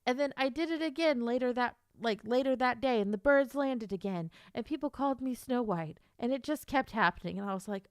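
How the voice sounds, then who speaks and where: A woman's voice: fairly high pitch, a little fast, smooth, no room sound. Gossipy American woman streamer, dry sound. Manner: gossipy, animated storytelling with exaggerated quoted asides. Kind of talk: casual storytime chat.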